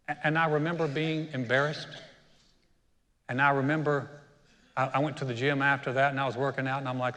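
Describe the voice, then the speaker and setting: A man's voice: medium pitch, level tone, fairly quick, long pauses, bright, forceful tone, in a large hall. A middle-aged man, the senior pastor, preaching a sermon in a conversational, storytelling way with self-deprecating humor. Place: church auditorium.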